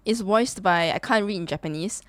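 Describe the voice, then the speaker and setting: A woman youtuber reacting live to a game trailer, excitable and gushing, with gasps and exclamations. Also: mid-range voice, brisk, no room sound.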